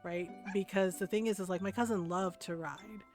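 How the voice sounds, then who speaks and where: Woman streamer, mid-pitched, chatty storyteller, music playing behind her. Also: steady tone, moderate pace. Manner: chatty, often adds "right?". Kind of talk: casual storytelling chat. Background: background music.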